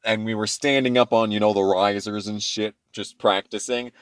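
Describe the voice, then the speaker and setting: A man in his twenties telling childhood stories in a casual, profane, rambling way, swinging between loud rants and low mutters. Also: fairly even intonation, moderate pace, clear, resonant tone, no echo. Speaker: channel host. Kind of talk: casual storytime monologue.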